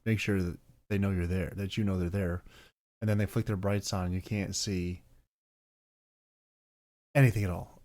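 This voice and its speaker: Tired, easygoing lower-voiced man. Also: flat delivery, moderate pace, pauses often, a little mellow. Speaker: podcast co-host. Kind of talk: casual chat.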